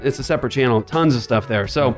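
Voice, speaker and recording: A man hosting a Christian radio talk show from a makeshift studio, upbeat with quick banter. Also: medium pitch, faint music behind. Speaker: podcast host. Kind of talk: casual radio show chat. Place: makeshift studio writers' room.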